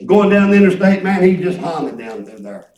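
High pitched guy preaching casual, folksy stories, restarts a lot, far off mic. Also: sing-song, normal speed, darkish tone. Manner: folksy storytelling, repeats and restarts words. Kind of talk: conversational preaching. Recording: echoey room, distant mic.

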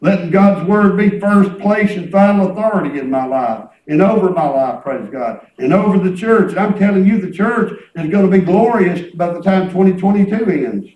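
A man's voice: sits high, lively intonation, normal speed, few pauses, echoey room, distant mic, lo-fi sound. A man preaching a sermon in a folksy storytelling way, acting out conversations. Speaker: pastor. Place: church hall.

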